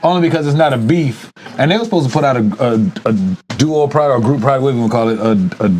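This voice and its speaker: A man co-hosting a casual podcast chat, animated, laughing often and talking over his partner. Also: mid-range voice, fast, slight background noise. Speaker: podcast co-host.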